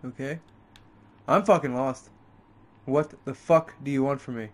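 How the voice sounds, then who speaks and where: A man playing a video game and commenting on it, frustrated and swearing a lot, his voice jumping up when he snaps. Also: unhurried. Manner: frustrated, heavy swearing, pitch jumps up in outbursts. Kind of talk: let's play commentary.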